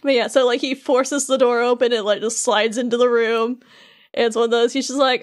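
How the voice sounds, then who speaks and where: A woman's voice: a little high, steady tone, fairly quick. A young adult woman co-hosting a podcast, recapping a game in casual chat and filling her talk with "like". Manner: chatty, heavy use of "like", acts out characters' lines. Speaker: podcast co-host.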